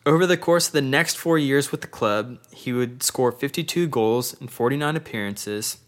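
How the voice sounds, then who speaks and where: A man chatting casually as a show co-host, his voice sitting at an ordinary middle pitch. He lays out facts one by one in a laid-back, easygoing way. He breaks off now and then to laugh with his partner. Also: moderate pace. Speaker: podcast co-host. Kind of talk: casual chat.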